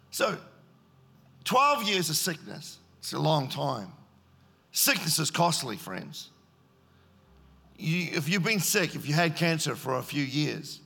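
A man preaches a storytelling sermon and acts out scenes in character voices. His voice is gravelly and husky, with a bright edge. It echoes through a church hall. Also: on the high side.

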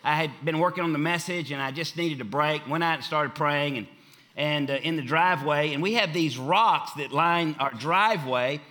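A man with a bright, slightly high voice preaches to his congregation in a church. He is emphatic, hammering on repeated phrases, then dropping to a hushed tone before building again. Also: normal speed. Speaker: pastor. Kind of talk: sermon. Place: church sanctuary.

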